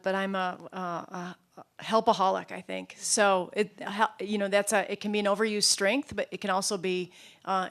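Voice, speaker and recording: Woman panelist, hesitant, searches for words, mid-range voice. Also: mid-range voice.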